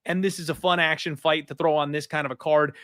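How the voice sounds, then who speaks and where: A man hosting a betting podcast, talking in a blunt, animated and opinionated way. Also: on the high side, fast talker, no echo, studio quality. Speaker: podcast host. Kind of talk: casual betting podcast chat.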